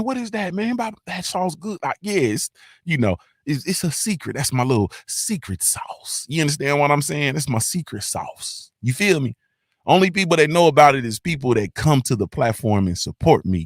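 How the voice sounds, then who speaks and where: A man's voice: lowish voice, no echo, studio quality. A man hosting a casual morning talk show, speaking in a loose, laid-back way with lots of fillers and repeated tags. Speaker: host.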